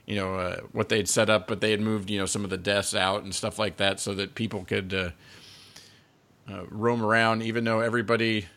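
A man with a somewhat low voice hosts a podcast in a relaxed, halting way. He pauses often and pads his sentences with fillers as he gathers his thoughts. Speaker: podcast host. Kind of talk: casual chat.

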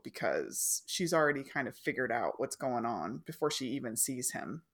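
A woman's voice: extremely low pitch, very animated, moderate pace. A woman co-hosting a casual podcast, wry and laughing often as she reads out her notes on the episodes. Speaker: podcast co-host. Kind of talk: casual chat recap.

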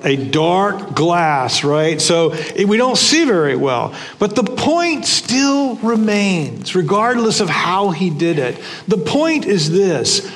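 An older male pastor preaches in a church sanctuary with a fairly high voice. He talks conversationally and repeats key phrases for emphasis. His words trail off into a long reverb. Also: lively intonation, a little slow. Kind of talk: sermon.

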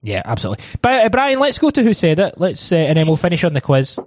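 A man hosts a casual panel chat, laughing often and steering the conversation from one segment to the next. His voice sits at an ordinary pitch. The sound is close and dry. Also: wildly swooping pitch, fast talker, no room sound. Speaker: podcast host.

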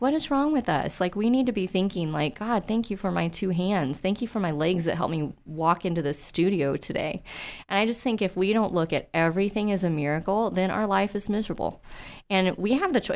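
A woman eye doctor talking earnestly as a podcast guest, casual and full of fillers. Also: low-pitched. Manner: earnest, talks with many fillers. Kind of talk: casual interview chat.

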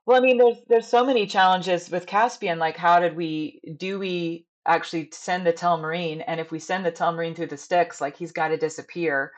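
A woman in her thirties speaks in a fairly low voice. She talks chattily and earnestly, with plenty of "like"s. It sounds like a relaxed podcast conversation. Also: normal speed, few pauses. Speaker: stage director and actress. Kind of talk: casual podcast interview.

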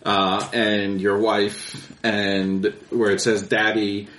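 Lowish-voiced man running a tabletop game. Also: echoey room, a little hiss or hum. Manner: relaxed, halting narration with many fillers. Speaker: game master.

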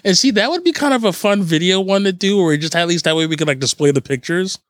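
Man, podcast host, slightly high voice, close dry mic, loose rambling chat. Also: expressive, fast, no room sound. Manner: chatty, rambling, laughs easily.

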